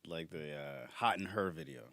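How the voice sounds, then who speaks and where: A man's voice: sits low, normal speed, vocal fry, fairly bright tone, no room sound, clean studio sound. A man guesting on a comedy podcast, chatting in loose, crude, self-mocking banter. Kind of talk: casual comedy podcast chat.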